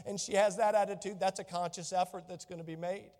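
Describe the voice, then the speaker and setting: A man preaching a sermon as pastor, animated and acting out dialogue from scripture. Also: sits high, a little fast, few pauses. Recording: long reverb of a church hall.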